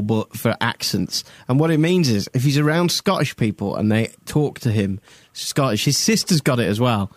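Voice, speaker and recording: A man hosts a casual podcast, teasing and provoking his guests with a grin in his talk. His voice sits at a middle pitch, recorded close and dry. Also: no echo. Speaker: host.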